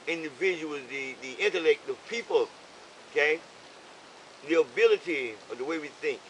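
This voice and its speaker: Older man, bright forceful tone, sermon-like storyteller, light hiss and vehicle noise behind. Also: fairly high pitch, rough recording. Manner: preachy, repeats "okay?" for emphasis. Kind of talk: casual storytelling conversation.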